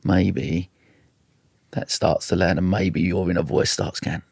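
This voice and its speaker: A man's voice: sits low, flat delivery, measured pace, gravelly, darkish tone, breathy edge, no echo, clean studio sound. A man, a podcast host rambling through his thoughts with many restarts. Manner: rambling, restarts, says "mate". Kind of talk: casual conversation.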